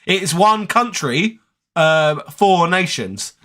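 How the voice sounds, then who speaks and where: A man's voice: high voice, expressive, slow pace, bright, forceful tone. A man hosting a gaming channel, chatting casually and rambling as he answers viewer comments. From United Kingdom. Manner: chatty, rambling, with many fillers.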